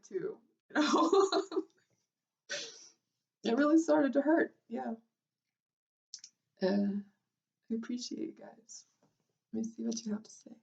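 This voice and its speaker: Tearful, casual-swearing woman streaming live, gravelly, heard from a little off the phone mic. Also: on the high side, darkish tone, far from the mic, dull audio. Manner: emotional, laughing through tears, swears casually. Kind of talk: unplanned live stream chat.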